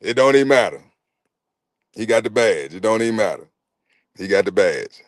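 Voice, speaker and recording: A man, hosting a podcast in a casual, profane rant. He is animated, repeats himself and stumbles over words. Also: on the low side, moderate pace, no room sound, studio quality. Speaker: podcast host. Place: podcast studio.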